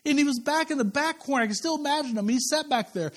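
A man's voice: very high-pitched, fast talker. A pastor from Kansas preaching a sermon to his church, mixing humorous personal stories with repeated rhetorical questions. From Kansas, USA. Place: church service.

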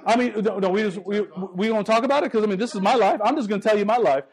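A man preaching a sermon, emphatic and conversational, repeating phrases and stumbling over restarts, slowing down to stress key lines. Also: high-pitched. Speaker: pastor.

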